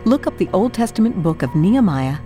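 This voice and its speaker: A woman narrating a children's Bible storybook in a cheerful, expressive way, speaking to young listeners. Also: medium pitch, brisk, soft background music.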